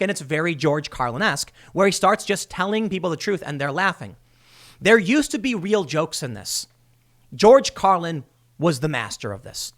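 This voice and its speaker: A man with a high-pitched, fairly bright voice hosts a solo political commentary show. He rants with exasperated sarcasm and puts on mocking voices when quoting people.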